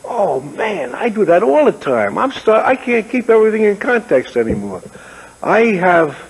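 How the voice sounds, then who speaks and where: A man's voice: high-pitched, sing-song, moderate pace, breathy edge, in a large hall, poor audio. A man, telling rambling anecdotes as an interview guest and acting out the people he quotes. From United States. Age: 80s. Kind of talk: casual interview, storytelling.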